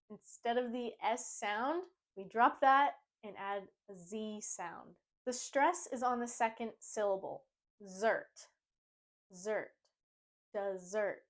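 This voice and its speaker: A young woman teaching English pronunciation, speaking clearly and deliberately and repeating each word slowly for learners. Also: a little high. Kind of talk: slow, carefully enunciated pronunciation lesson.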